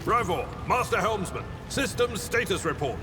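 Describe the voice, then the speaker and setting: A stern ship's officer. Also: male voice, sits high, very animated, normal speed. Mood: commanding. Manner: commanding, formal. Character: stern, superstitious senior man commanding a ship's bridge. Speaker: video game voice actor. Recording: distant, reverberant with noise.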